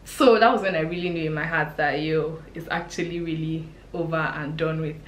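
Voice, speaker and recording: A young woman, a vlogger telling a chatty, expressive story with sudden exclamations. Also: sits low, normal speed, dull audio, slight background noise. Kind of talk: casual storytime chat. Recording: echoey room.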